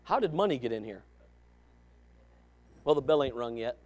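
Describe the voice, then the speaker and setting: A man preaching a sermon as associate pastor, folksy and joking, swinging from quiet asides to loud shouted exhortation. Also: medium pitch, animated, normal speed. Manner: folksy, joking, with sudden dramatic emphasis.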